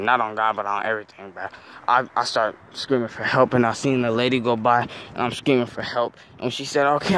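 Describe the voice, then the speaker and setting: A man's voice: medium pitch, a bit bright, slight background noise. A teenage boy telling a story in casual slang, saying "bro" after nearly every phrase, outdoors near a street.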